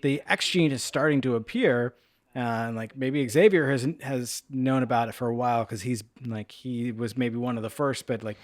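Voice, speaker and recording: Rambling mid-pitched male podcaster. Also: normal speed, no echo. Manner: rambling and opinionated, lots of fillers and restarts. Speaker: podcast co-host. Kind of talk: casual podcast chat.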